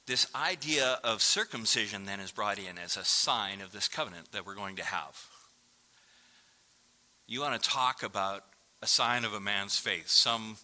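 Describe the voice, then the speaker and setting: A man's voice: lowish voice, sharp tone. A man preaching a sermon in a conversational way, acting out the voices of the people he quotes. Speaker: pastor.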